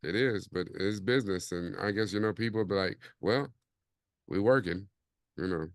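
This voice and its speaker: A man's voice: sits low, fairly even intonation, brisk, clean tone, no room sound, clean studio sound. A man hosting a casual podcast chat in a laid-back, rambling way, with plenty of fillers. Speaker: podcast host.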